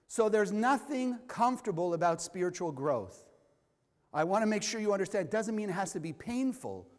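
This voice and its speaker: A man with a high voice gives a spiritual lesson, emphatic and putting questions to his listeners. His voice trails off into a long reverb, as if in a large lecture hall. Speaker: spiritual teacher.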